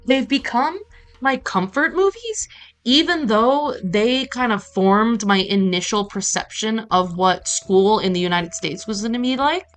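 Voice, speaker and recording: A woman's voice: fairly high pitch, a little slow. Chatty, rambling woman streamer. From Brazil. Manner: chatty, rambling, casual swearing. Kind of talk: casual gaming stream commentary.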